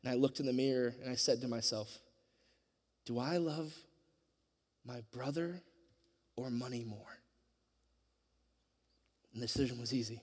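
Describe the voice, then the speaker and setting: A man preaching a sermon, telling a personal story earnestly, his voice swinging from loud passages to hushed ones. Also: mid-range voice, husky, big-room sound.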